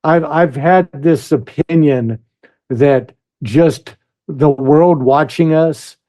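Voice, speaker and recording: An American man speaks as a guest on a podcast. He talks slowly and hesitantly, with a warm, mellow tone, and the sound is close and dry. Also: fairly high pitch, dry recording. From United States. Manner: slow, hesitant, many fillers. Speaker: guest musician. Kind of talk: casual interview chat.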